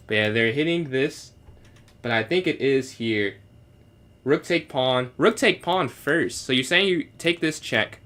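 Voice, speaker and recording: A young man with a bright, ringing voice chats casually through a chess stream, reasoning out loud about each move. He answers his viewers as he goes, now and then slipping into halting classroom French. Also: medium pitch, lively intonation. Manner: thinks aloud, answers chat questions, switches into halting beginner French. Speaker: chess streamer solving puzzles with chat. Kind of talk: casual live-stream commentary.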